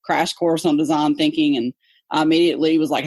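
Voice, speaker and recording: A woman with a Southern accent, an English teacher chatting in an interview, talkative and quick to laugh. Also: low-pitched, fairly even intonation, a little mellow, slightly rough, no room sound. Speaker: English teacher, podcast co-host guest. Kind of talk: casual interview chat.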